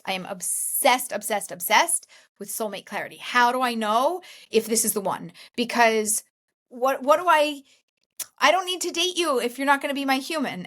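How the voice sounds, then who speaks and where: An enthusiastic woman talks about her matchmaking work with eager emphasis, repeating words to drive a point home. Her voice sits a bit high for a woman. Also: fairly bright tone. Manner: enthusiastic, emphatic, laughs while telling stories. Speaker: matchmaker and author, guest. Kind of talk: conversational interview.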